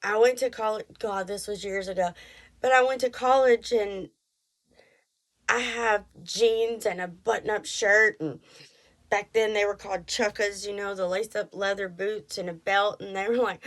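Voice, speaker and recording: A woman's voice: medium pitch, fairly even intonation, a bit bright. Rambling Texan woman podcaster. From Texas. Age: 30s. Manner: rambling, self-deprecating, quick asides and mock voices. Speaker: podcast host. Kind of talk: casual chat.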